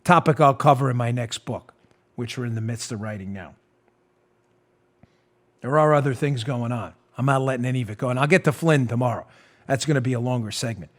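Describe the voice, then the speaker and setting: A man's voice: medium pitch, a little fast, long pauses. A man hosting a political talk show, giving sarcastic, mocking commentary into a studio mic and laughing at his own jabs. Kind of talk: opinionated commentary.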